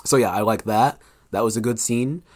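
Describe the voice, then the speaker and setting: A man's voice: fairly low pitch, moderate pace, darkish tone, dry recording, studio quality. A young man, a book's author, chatting casually as a podcast guest and acting out scenes from his story.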